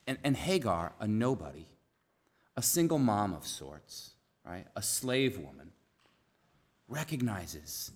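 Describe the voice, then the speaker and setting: A man preaching a conversational sermon, earnest, repeating key phrases and dropping to a soft hush for emphasis. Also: on the low side, big pitch swings, slow pace, slightly rough.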